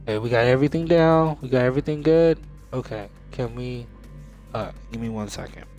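A young man giving casual commentary while playing a video game, excitable and cursing, often shouting at the game. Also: mid-range voice, brisk, soft background music. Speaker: gamer.

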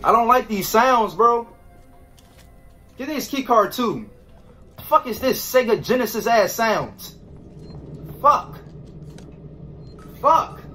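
A man's voice: extremely high pitch, expressive, takes it slowly, long pauses, bright, forceful tone, faint music behind. A man commenting while he plays a horror game, jumpy and swearing as he talks to himself. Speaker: gamer playing a horror game. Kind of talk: let's play commentary.

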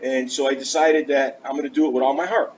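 Speaking fast in a medium-pitched voice, a man preaches in church, sharing his testimony with earnest animation. He acts out conversations while telling his own story in this storytelling sermon. The audio is a dull lo-fi church recording carrying a faint hiss.

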